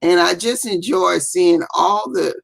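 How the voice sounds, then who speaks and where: A woman coach, a guest on a video call, speaking warmly and haltingly and often repeating herself. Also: lowish voice, vocal fry. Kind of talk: casual interview.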